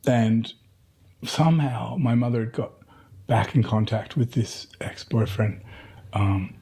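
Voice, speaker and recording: A man's voice: medium pitch, slow pace, vocal fry, warm tone, breathy edge. A middle-aged man, from Tasmania, talking casually as an interview guest and rambling through stories with many fillers and restarts. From Tasmania, Australia.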